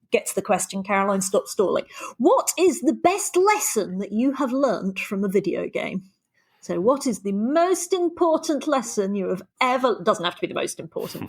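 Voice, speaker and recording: A woman's voice: fairly high pitch, husky. A woman hosting a podcast, chatting casually, laughing often and wandering off on tangents. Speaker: podcast host.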